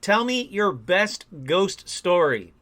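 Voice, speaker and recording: Excitable host of a call-in podcast, eager and casual. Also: male voice, high-pitched, slow pace. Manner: excitable, enthusiastic, reacts with loud surprise. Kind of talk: casual call-in show chat.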